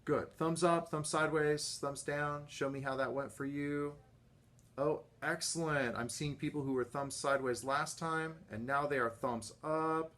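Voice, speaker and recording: Slow-talking man leading a video-call choir rehearsal. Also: on the high side, steady tone, a bit bright. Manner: patient, counts and sings sung lines himself. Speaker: choir director. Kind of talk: online choir rehearsal instruction.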